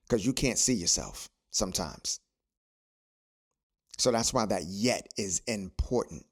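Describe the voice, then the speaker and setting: Low-voiced man preaching encouragement on a podcast. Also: a bit bright, breathy edge. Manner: preachy, repeats phrases for emphasis. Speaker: podcast host. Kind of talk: motivational podcast monologue.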